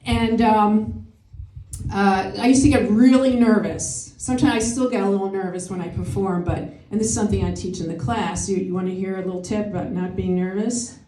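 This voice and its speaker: A woman's voice: medium pitch, fairly even intonation, moderate pace, warm tone. A woman in her forties doing a chatty, self-deprecating stand-up set, laughing at her own jokes, with no microphone at a live show. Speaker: stand-up comedian and emcee. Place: comedy show venue with live audience. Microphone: no microphone, picked up from afar. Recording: echoey room picked up from a distance.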